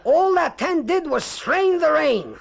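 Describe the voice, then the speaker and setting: A male stand-up comedian delivering rapid-fire one-liners in a comedy monologue, heard on a crackly vinyl record with clicks. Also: extremely high pitch, animated.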